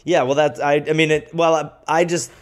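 A man's voice: on the high side, flat delivery, fairly quick. A man co-hosting a comedy podcast, reacting sarcastically and laughing often. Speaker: podcast co-host.

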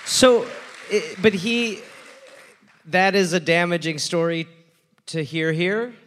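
A man co-hosting a live comedy podcast, joking quickly and reading his own plugs. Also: high-pitched, fairly bright tone, a little hiss or hum. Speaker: podcast co-host.

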